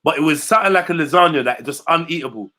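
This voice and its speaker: Middle-aged man, lively storyteller, slightly high and bright voice. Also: quick pace. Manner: animated storyteller, acts out quotes with big pitch jumps. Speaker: host. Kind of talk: casual chat, storytelling.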